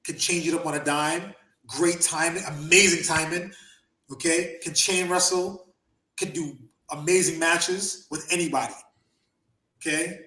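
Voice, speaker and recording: Animated man in a roomy room. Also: fairly high pitch, unhurried. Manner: animated storyteller, swears, laughs often. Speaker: podcast host, former wrestler. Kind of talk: casual chat.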